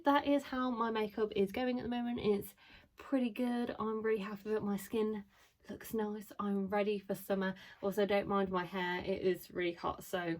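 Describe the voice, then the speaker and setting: A woman, talking to the camera in a casual, chatty vlog. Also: medium pitch. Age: 20s. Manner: chatty and bubbly, lots of "like" and "so". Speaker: vlogger.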